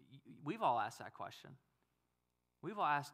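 A man's voice: on the high side, very animated, normal speed, long pauses, fairly bright tone. A male pastor giving a conversational sermon, acting out quotes and asking the audience questions.

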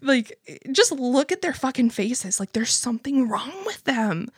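A woman's voice: high voice, big pitch swings, unhurried, breathy edge, dry recording, studio quality. A young adult American woman hosting a comedy podcast, rambling through a story with lots of swearing and laughing at herself. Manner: profane, rambling, laughs at her own stories. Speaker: podcast host. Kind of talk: casual comedic monologue.

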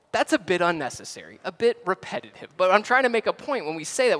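A man's voice: high-pitched, big pitch swings, fast. Man, Southern American accent, pastor, sermon, emphatic swings, repeated restarts, reverberant sanctuary, long reverb. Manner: emphatic, swings between loud stresses and quiet asides; repeats words as he restarts phrases.

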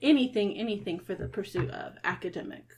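A woman, running a tabletop game as game master, relaxed and hesitant with many ums. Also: medium pitch, fast, slight background noise.

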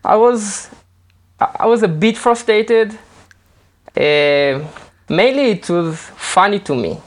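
A man's voice: high-pitched, expressive, slow pace. Hesitant man, interview guest. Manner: hesitant, repeats words while searching for phrasing. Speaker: guest, developer. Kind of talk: casual interview.

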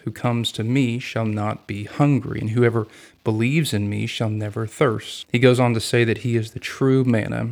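Earnest man teaching the Bible, flat voice. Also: on the low side. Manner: measured, earnest reading with quoted scripture. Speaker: podcast host and Bible teacher. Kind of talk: scripted devotional Bible teaching.

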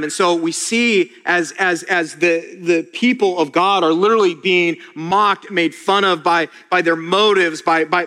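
A man's voice: sits high, sharp tone. A man preaching a sermon as a pastor, earnest and casual, often restarting his words and addressing listeners as "you guys.". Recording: long reverb of a large hall.

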